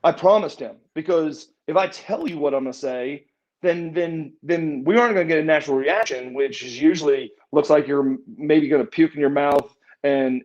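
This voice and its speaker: A man's voice: fairly high pitch, darkish tone, dull audio. A man telling stories as a podcast interview guest, rambling, restarting his words and chuckling often. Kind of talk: casual storytelling in a podcast interview.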